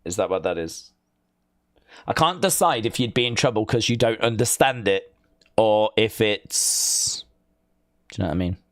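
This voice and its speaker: A man's voice: fairly low pitch, lively intonation, moderate pace, long pauses, no room sound, studio quality. Chatty Englishman reading viewer comments. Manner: rambling, reads viewer comments aloud and reacts. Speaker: live-stream host. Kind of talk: casual watch-along chat.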